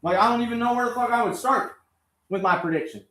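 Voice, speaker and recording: A man's voice: extremely high pitch, fast talker, sharp tone, echoey room, a little hiss or hum. A man ranting angrily and sarcastically at a motorbike engine that won't start, swearing constantly and a bit out of breath. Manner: angry, profane, sarcastic rant at an engine. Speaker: vlogger working on a motorbike. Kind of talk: ranting to the camera while wrenching.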